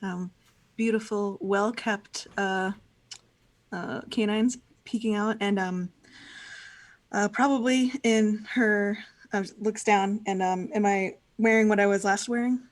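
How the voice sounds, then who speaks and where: A woman playing a tabletop role-playing game, describing her character hesitantly with many pauses and ums. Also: medium pitch, fairly even intonation. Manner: hesitant, full of uh and um. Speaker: player.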